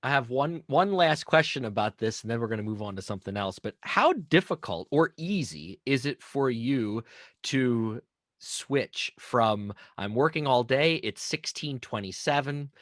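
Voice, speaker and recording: A chatty man hosting a relaxed interview podcast, asking long, rambling questions and stumbling over his opening words. His voice sits at an ordinary middle pitch. The sound is close and dry, with no room echo. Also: unhurried. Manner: chatty, repeats words when starting a sentence. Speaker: podcast host and German teacher. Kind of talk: casual conversational interview.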